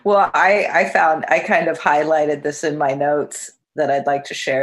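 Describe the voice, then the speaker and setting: A woman co-hosting a casual news chat, giggly and quick with quips, who sometimes reads from her notes. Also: low voice, flat delivery. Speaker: show co-host.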